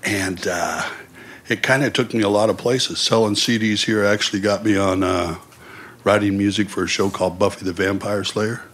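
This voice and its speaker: A man's voice: lowish voice, steady tone, moderate pace, fairly bright tone, breathy edge. A man who is a musician introducing himself to a board in a laid-back, rambling way, with many fillers. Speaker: musician applying as vendor. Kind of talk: casual self-introduction.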